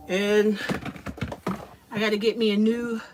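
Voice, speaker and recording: A woman's voice: mid-range voice, level tone, measured pace. A woman chatting casually to her viewers while making a drink in her home kitchen, a little out of breath. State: slightly out of breath. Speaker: vlogger. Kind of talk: casual livestream chat. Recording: noticeable background noise.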